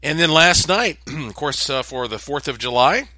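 A man's voice: on the high side, animated, moderate pace, pushed and bright, no room sound. A man hosting his own daily video update, talking in a chatty, rambling way with many fillers and restarts. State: voice strained from overuse. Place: home condo in a high building.

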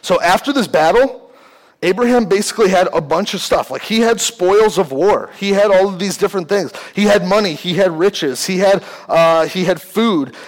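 A young man preaching a relaxed sermon to a youth group from the stage of a church. His voice sits a little high for a man, and he talks in a loose, conversational way, full of "like" and quick restarts. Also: rough recording. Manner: conversational, uses many fillers like "like". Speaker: youth pastor. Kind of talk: casual sermon. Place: church hall, speaking from a stage.

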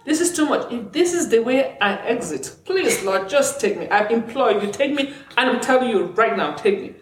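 A middle-aged woman, a clinician, telling her story in a casual chat, animated and laughing often as she acts out what people said. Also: on the high side, moderate pace, reverberant, slight background noise. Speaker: clinician guest. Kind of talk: casual conversation.

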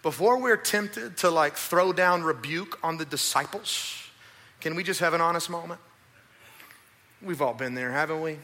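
A male pastor preaching a sermon at a church service, animated and acting out voices. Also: fairly high pitch, normal speed. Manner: animated, acts out voices and asides.

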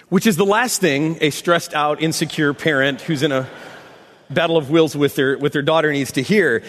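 A man preaching a sermon as pastor, telling stories in a relaxed, conversational and self-deprecating way. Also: medium pitch, fairly quick. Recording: long echo of a large hall.

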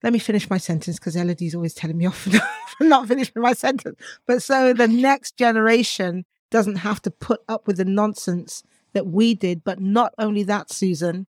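A woman co-hosting a faith podcast in casual chat, lively and often laughing, who breaks into animated asides. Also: medium pitch, moderate pace, dry recording, studio quality. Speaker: podcast co-host.

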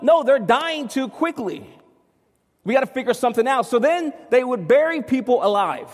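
A man's voice: high-pitched, darkish tone, long reverb tail. A man preaching a sermon as a pastor, telling a story conversationally and acting out his dialogue with his young son. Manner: conversational, with many restarts.

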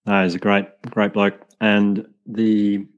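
A man's voice: on the low side, completely flat delivery, takes it slowly, muffled recording. A man hosting a casual interview, asking rambling, hesitant questions full of fillers. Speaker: host.

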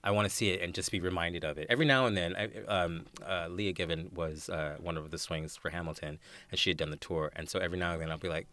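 An American man in his thirties, a guest actor telling stage stories in a casual interview, animated and often laughing. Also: low-pitched, fast. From United States. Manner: animated storyteller, acts out quoted voices, laughs often.

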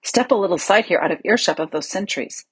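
A woman reading the part of a cunning, smooth-talking male lord with a measured, insinuating manner. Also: mid-range voice, lively intonation, dry recording.

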